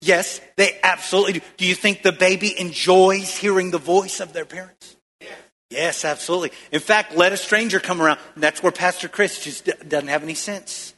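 Male pastor, bright ringing voice, call-and-response sermon, echoey church hall. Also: sits high, fairly even intonation, a little fast. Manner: preaching with call-and-response questions to the congregation.

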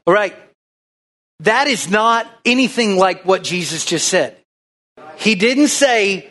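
A man's voice: high-pitched, expressive, slow, long pauses, fairly bright tone. A man preaching a folksy, conversational sermon, drawing the congregation into call-and-response. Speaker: pastor.

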